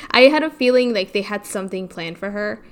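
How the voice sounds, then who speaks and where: Podcast lady rambling casually, lots of likes and ums, mid pitch. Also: expressive, normal speed, clear, resonant tone. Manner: chatty, many "like" fillers. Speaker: podcast co-host. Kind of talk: casual chat.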